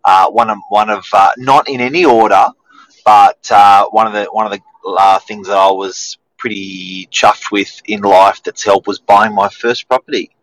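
A man's voice: fairly low pitch, fairly even intonation, normal speed, rough recording. A man co-hosting a casual chat, talking with hesitant restarts and fillers. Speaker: co-host.

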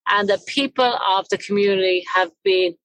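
An Irish woman from Cavan, a parade emcee, chatting frankly and lively in an interview. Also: mid-range voice, moderate pace, rough recording. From Ireland, County Cavan. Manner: lively, frank, blunt with swearing. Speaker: parade emcee and salon owner. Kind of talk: casual interview chat.

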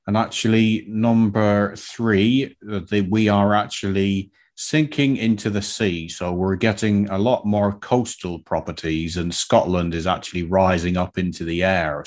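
A man's voice: low voice, steady tone, measured pace, darkish tone. A man playing Tristan, a pompous, worldly-wise male pasty, in a comic game show. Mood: boastful. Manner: pompous, grandly self-assured.

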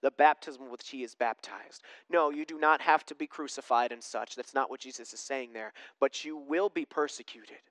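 Smooth-voiced preacher with dynamic delivery. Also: medium pitch, moderate pace, few pauses, no room sound. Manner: swings between emphatic loud preaching and hushed near-whispers; conversational, asks the congregation questions. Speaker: pastor. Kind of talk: sermon.

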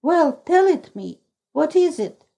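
An eager young boy searching for his family, pressing with excited, imploring questions, as a woman reader puts him on. The voice stays slow, mellow and slightly high. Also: vocal fry, full character voice.

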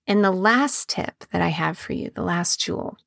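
Calm low-voiced woman coaching, dry mic. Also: vocal fry, no room sound. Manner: calm, measured, drawn-out emphasis on key words. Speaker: podcast host and embodiment coach. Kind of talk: podcast monologue.

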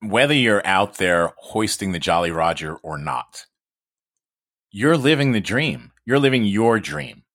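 Deep-voiced casual podcast host. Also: male voice, expressive, measured pace, fairly bright tone. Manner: loose, chatty, swears casually.

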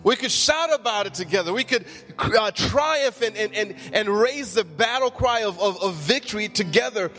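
A man's voice: high-pitched, animated, normal speed, few pauses, bright, forceful tone, soft background music. A man, a pastor, preaching a sermon in church and telling funny stories with acted-out quotes. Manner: humorous storytelling, acts out quotes.

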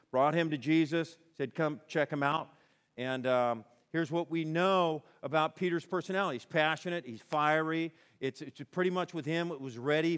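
A male pastor preaching a conversational sermon, animated and acting out quoted lines in between. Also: a little high.

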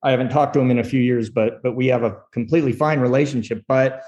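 A middle-aged screenwriter telling candid stories in an interview, acting out quotes and laughing often. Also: male voice, mid-range voice, fast talker, muffled recording. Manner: animated storyteller, acts out quotes, laughs often. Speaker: screenwriter guest.

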